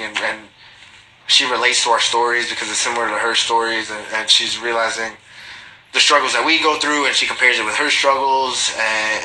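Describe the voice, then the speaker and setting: A man from a Guatemalan family, a reality TV personality, livestreams casually from his phone, reading viewer comments aloud and replying in slangy talk full of swearing. His voice is medium-pitched with a sharp edge, and the rough recording carries slight background noise.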